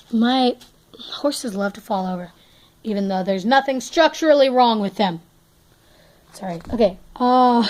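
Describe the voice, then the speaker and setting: Chatting casually, a woman wanders through a tour of her toy collection, often losing her thread and teasing herself along the way. She has a medium-pitched, slightly mellow voice, heard through poor audio.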